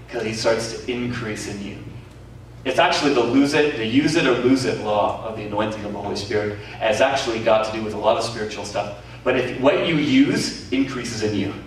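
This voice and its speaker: Pastor preaching in an echoey hall. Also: male voice, medium pitch. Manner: lively storytelling, acts out quoted voices, laughs often. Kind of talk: sermon. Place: community centre hall. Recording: very echoey hall, voice from far off, faint noise.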